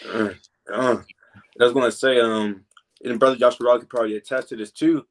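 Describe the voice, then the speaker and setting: A man teaching from scripture in a relaxed preaching style, filling pauses with "man" and "you know" and reading verses slowly. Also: mid-range voice. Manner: reads verses slowly and deliberately.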